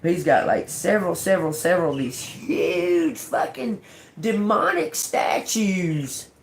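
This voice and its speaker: A woman's voice: on the low side, very animated, measured pace, gravelly. A woman hosting a casual livestream as a tarot reader, rambling emphatically and talking straight to her viewers. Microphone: phone or webcam livestream.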